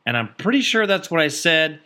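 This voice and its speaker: A man's voice: on the high side, big pitch swings, fairly quick, pushed and bright. A man hosting a radio show, answering a caller in a wry, joking way. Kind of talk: casual radio talk.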